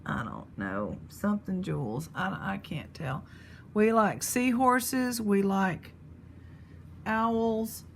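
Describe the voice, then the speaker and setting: Sorting through a box of old jewelry in a casual unboxing chat, a reseller host talks to her viewers and her pet. She speaks slowly in a creaky, medium-pitched voice with big pitch swings, over a slight hiss or hum.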